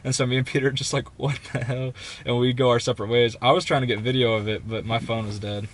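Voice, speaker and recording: A man's voice: mid-range voice, rapid-fire. A young man co-hosting a podcast, telling a story in casual chat and acting out the people in it. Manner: animated, quotes people in raised voices. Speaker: podcast co-host.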